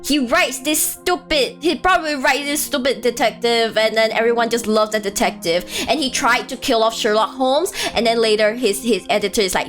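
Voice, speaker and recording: Woman animated streamer, high voice, laughs often. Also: moderate pace, few pauses, faint music behind. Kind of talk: casual live-stream chat.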